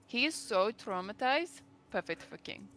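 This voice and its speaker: A woman's voice: mid-range voice, lively intonation, unhurried, fairly bright tone, slight background noise. A woman playing in a tabletop role-playing game, talking in a chatty, rambling way full of fillers. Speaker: player. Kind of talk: casual chat at a tabletop game.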